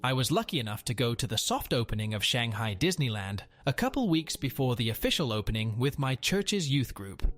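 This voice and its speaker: A man's voice: medium pitch, very animated, a little fast, few pauses, a bit bright. A young man reads an online story aloud in a sardonic, matter-of-fact way. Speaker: narrator.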